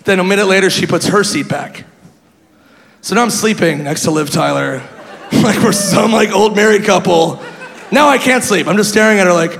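A man doing stand-up, telling a story with animated laughter and sudden shouted bits. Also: high-pitched, gravelly. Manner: animated, laughing, bursts into loud shouted impressions. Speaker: stand-up comedian. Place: comedy club stage. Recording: reverberant hall with faint crowd and noise.

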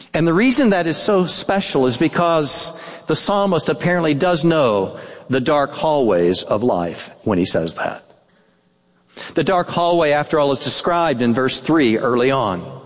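Male pastor, earnest sermon delivery, lively pitch, long hall reverb. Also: a little slow. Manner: earnest, dips into soft hushed tones for quoted words.

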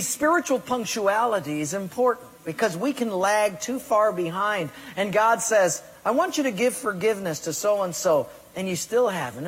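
A man's voice: high voice, slightly rough. A man preaching a sermon and asking the congregation direct questions. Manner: asks the congregation questions, tells a joke with acted voices. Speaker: pastor. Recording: echoey hall reverb.

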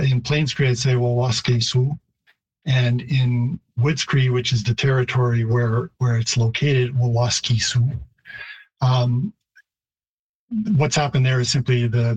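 A man, a linguistics professor, answering radio interview questions in a thoughtful, halting way with many restarts. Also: medium pitch, slightly rough, rough recording.

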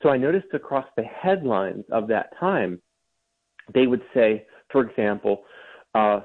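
A man's voice: mid-range voice, expressive, measured pace. A man from Ohio, speaking as a guest author in an interview, with a mid-range voice. He tells a long story, restarts his sentences often and sometimes mocks others. He comes through a narrow, phone-like line. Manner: storytelling, with frequent restarts and mocking mimicry. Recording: tinny phone-like remote line.

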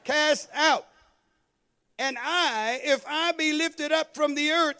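A man with a strikingly high voice preaches a sermon. He calls out to the congregation and swells into shouted, sing-song phrases as he builds. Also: slow. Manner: call-and-response preaching, rising into shouted, half-sung cadences. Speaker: pastor.

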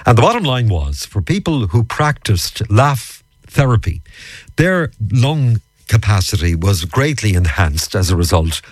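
A man's voice: lowish voice, slightly rough, dry recording. A man hosting a radio talk show, friendly and conversational as he interviews a guest. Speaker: radio host.

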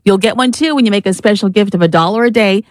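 A woman's voice: medium pitch, fast, a little mellow, dry recording, clean studio sound. A woman co-hosting a radio pledge drive, urging listeners to give and repeating the phone number. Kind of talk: pledge drive fundraising appeal.

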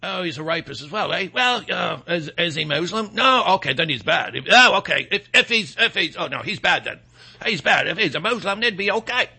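A man doing a smug rambling voter, sarcastic and halting, talking in a gravelly, very bright voice on the high side. The put-on is mocking and full of restarts. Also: lively intonation, full character voice.

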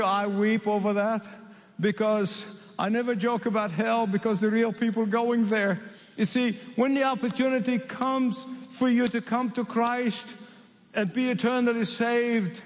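A man from the Middle East preaching a sermon, emphatic and repeating key phrases with slow dramatic pauses. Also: sits high. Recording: long reverb of a large hall.

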